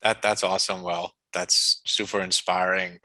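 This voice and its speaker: A man's voice: deep voice, flat delivery, moderate pace, sharp tone, dry recording. A male host asking a question in a hesitant, stammering way. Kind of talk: interview question.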